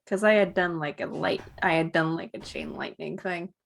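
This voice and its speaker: A woman playing a tabletop game on a live stream, hesitant and unhurried as she describes her character's actions. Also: on the low side, steady tone, gravelly. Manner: unhurried, hesitant, many ums.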